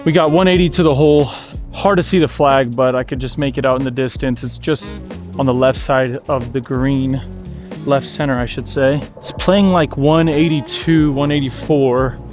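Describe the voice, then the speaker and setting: A man's voice: mid-range voice, steady tone, normal speed, a little mellow, soft background music. A man commentating his own round on an outdoor golf course, exclaiming after shots and sometimes out of breath. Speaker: golf vlogger.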